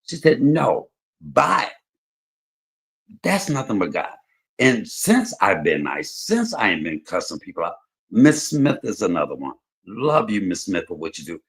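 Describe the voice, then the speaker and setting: A man hosting a livestream, telling stories in casual chat, swinging between loud and soft. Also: lowish voice, wildly swooping pitch, moderate pace. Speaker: livestream host.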